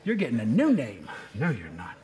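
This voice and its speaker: A middle-aged man preaching a sermon as pastor, telling the story with lively asides and jokes. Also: medium pitch, normal speed, slight background noise.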